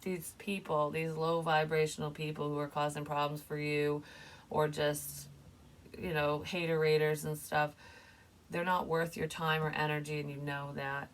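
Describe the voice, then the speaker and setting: A woman's voice: low-pitched, little pitch movement, normal speed. A woman giving a casual spoken psychic reading, chatty and loose, laughing often and swearing now and then. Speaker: psychic reader.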